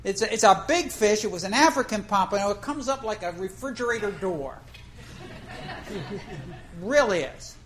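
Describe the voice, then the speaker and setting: A woman's voice: medium pitch, animated, moderate pace, pauses often, slight background noise, low-quality recording. A woman preacher telling a fishing story in a folksy, conversational way, asking the congregation questions. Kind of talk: storytelling sermon.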